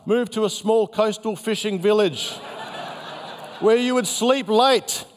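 A man voicing a brash, pushy male investment banker, pitched up above his own voice. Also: takes it slowly, a little hiss or hum. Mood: gleeful. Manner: pushy, upbeat salesman pitch. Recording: long hall reverb.

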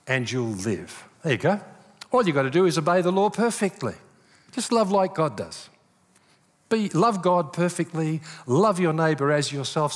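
Older Aussie pastor, storyteller, bright voice, hall reverb. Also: male voice, a little high. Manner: animated storyteller, acts out quoted voices. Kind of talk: sermon. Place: church hall. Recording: long reverb of a large hall.

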